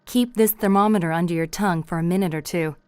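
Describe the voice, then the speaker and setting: A woman's voice: on the low side, quick pace, darkish tone, clean tone, no echo. A woman reading scripted everyday lines for an English lesson in a plain manner. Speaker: dialogue reader in an English lesson. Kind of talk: scripted conversation for learners.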